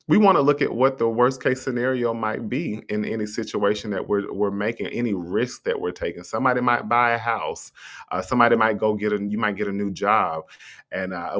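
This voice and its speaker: A man hosting a motivational livestream talk, speaking conversationally and straight to his listeners, his pitch swinging up on rhetorical questions. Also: fairly bright tone. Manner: conversational and encouraging, addresses listeners directly. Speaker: host. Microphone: streaming setup with a mute button.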